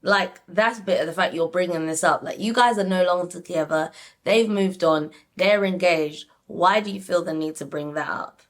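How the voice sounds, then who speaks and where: A young woman casually reviewing a reality show, animated and talking straight to her viewers with lots of "like". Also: fairly low pitch, normal speed. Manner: animated, frequent "like", addresses viewers. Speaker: reality TV recap YouTuber.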